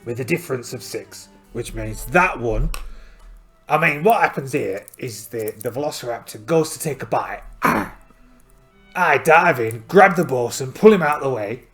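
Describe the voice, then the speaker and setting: Speaking at normal speed in an expressive, slightly bright mid-range voice, this solo game player and host narrates his tabletop session as a playful story. He muses out loud over dice rolls while faint music plays behind him.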